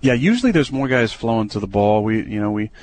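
A young adult man, a quarterback, talking through plays in a relaxed, hesitant way with many fillers and restarts. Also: lowish voice, quick pace, a little hiss or hum. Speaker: football quarterback. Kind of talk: casual radio interview.

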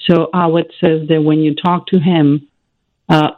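A woman's voice: deep voice, little pitch movement, a little slow, no room sound. A woman guest expert giving earnest, coaching advice on a radio call-in. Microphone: phone. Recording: tinny phone line.

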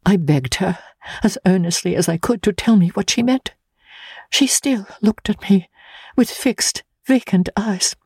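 A woman narrating a classic novel in the first person, measured and grave. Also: medium pitch, a little mellow, slightly rough, no room sound. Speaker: audiobook narrator.

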